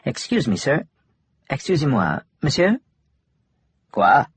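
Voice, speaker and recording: A polite, formal female broadcaster from Quebec, as a man puts her on, reading her report in measured news tones. The voice is husky and breathy, recorded close and dry. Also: mid-range voice, big pitch swings, dry recording, exaggerated voice.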